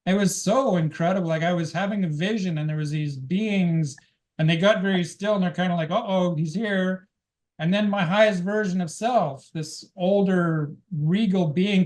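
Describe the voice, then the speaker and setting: A man teaching a class, sharing his spiritual experiences in an earnest, rambling storytelling way with frequent restarts. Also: on the high side. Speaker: guest speaker teaching a class. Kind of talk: personal spiritual testimony.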